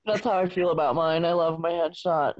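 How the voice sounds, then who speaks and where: A woman's voice: lowish voice, fairly quick, muffled recording. A woman guest on a podcast, agreeing in brief casual replies. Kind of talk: casual chat.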